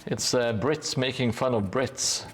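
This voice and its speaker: A man's voice: mid-range voice, unhurried, a little hiss or hum. A man streaming live as he paints a tabletop gaming board, chatting casually in a hesitant way full of fillers and dry jokes.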